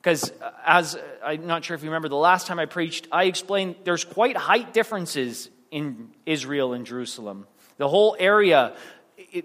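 A man's voice: a little high, fairly bright tone. Man preaching in a reverberant church hall. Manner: conversational, rambling with restarts and self-deprecating jokes. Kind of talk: sermon.

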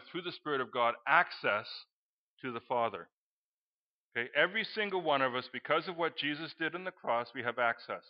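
A middle-aged man preaching a sermon, telling a story and breaking into loud exclamations. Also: mid-range voice. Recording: dull lo-fi recording.

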